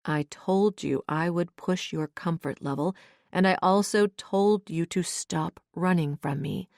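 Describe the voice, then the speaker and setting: A woman's voice: on the low side, a little slow, creaky, a little mellow, no echo, clean studio sound. A woman voicing a brusque, possessive male billionaire boss who talks in blunt, clipped lines. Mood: accusing.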